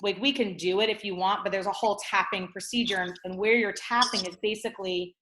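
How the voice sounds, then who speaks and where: A woman's voice: mid-range voice, fairly even intonation, quick pace, fairly bright tone. Woman guest on a zoom call, chatty, lots of "like" and "right?", echoey room. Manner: chatty, many "like" and "right?" tags. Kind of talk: casual explanatory chat. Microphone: video call. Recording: roomy video call audio.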